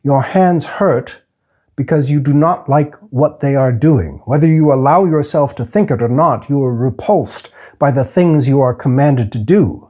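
A man reading aloud, voicing a humble, polite little male healer who speaks formally and slowly. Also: medium pitch, darkish tone, lightly acted. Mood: calm, courteous. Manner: formal, soothing, slow and careful.

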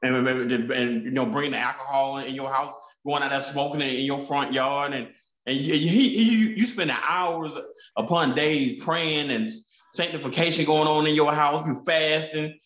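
A man preaching with halting, stammering restarts, and he reads scripture aloud. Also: on the high side, steady tone, a bit bright. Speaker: prophet. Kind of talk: preaching on a prayer broadcast. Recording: echoey room.

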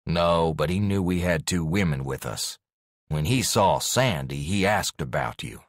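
A man's voice: deep voice, animated, unhurried, no room sound, clean studio sound. A man voicing a bitter young man who speaks with grudging sarcasm in an audiobook. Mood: sarcastic.

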